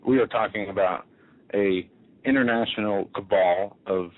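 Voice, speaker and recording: A man's voice: fairly low pitch, normal speed. A man co-hosting a talk radio show, speaking assertively in declarative statements and running through lists. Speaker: radio co-host. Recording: tinny phone-line sound.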